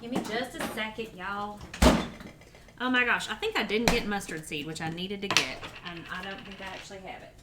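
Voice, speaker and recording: Heavy background noise from clattering pots, pans and dishes surrounds this home-kitchen stream. The woman speaks briskly in a mid-range voice, chatting with viewers as she cooks.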